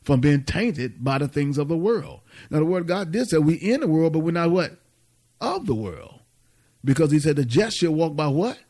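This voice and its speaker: A man's voice: fairly high pitch, lively intonation, normal speed, a little mellow. A man giving an informal, conversational sermon, asking the congregation to finish his lines. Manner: call-and-response questions, conversational. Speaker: preacher.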